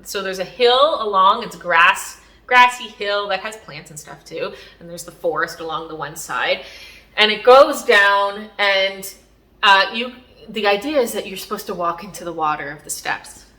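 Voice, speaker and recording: A woman recounts a personal experience in a casual vlog, her voice bright and clear. She rambles a bit and leans on little fillers as she goes. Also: medium pitch, normal speed. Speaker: spiritual vlogger. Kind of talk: casual storytelling.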